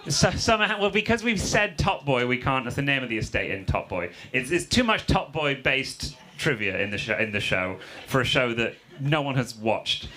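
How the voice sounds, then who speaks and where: A male comedian and freestyle rapper does playful, teasing crowd work on a comedy club stage before a live audience, laughing between quips. His medium-pitched voice is expressive, at a moderate pace with few pauses, while a live band plays loudly behind him.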